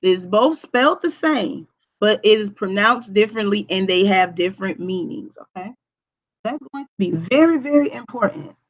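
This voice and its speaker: With highs cut off from the recording, a woman's mid-range, expressive voice leads a grammar lesson at a moderate pace. She hums while typing on screen and patiently asks "okay?" to check that her students understand.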